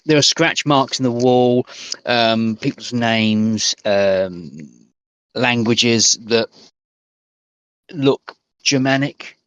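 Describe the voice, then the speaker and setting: A man, narrating a tabletop game as game master in a halting, descriptive way with many fillers. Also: medium pitch, fairly bright tone, clean tone, no echo.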